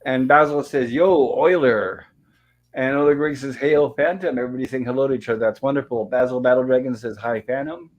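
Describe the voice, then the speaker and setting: A man of ordinary pitch hosting a live stream. He greets everyone and reads out the chat messages in a friendly, rambling way, with easy casual chat between the names. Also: fairly quick, highs cut off. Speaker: podcast host.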